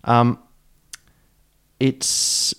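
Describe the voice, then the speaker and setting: A man's voice: extremely slow, a bit bright. A man with an Australian accent hosting a casual podcast chat, rambling and joking with plenty of ums. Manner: rambling, jokey, many ums. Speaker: podcast host.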